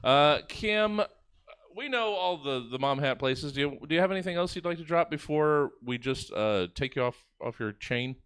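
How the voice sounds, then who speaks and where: A man's voice: a little high, lively intonation, normal speed, a bit bright, clear, resonant tone. A man hosting a comedy show who rambles with hesitant fillers. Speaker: host.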